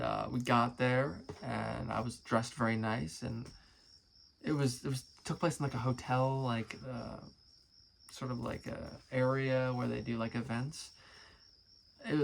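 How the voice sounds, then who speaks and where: A man's voice: mid-range voice, gravelly, a little hiss or hum, poor audio. A man casually reading aloud and commenting, amused and chatty, swearing now and then. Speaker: musician and video creator.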